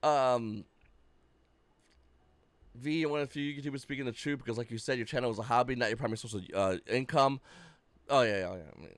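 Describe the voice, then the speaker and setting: A man's voice: mid-range voice, a little fast, long pauses, dry recording. A man giving casual ranting commentary as a YouTube card-game host, blunt and profane.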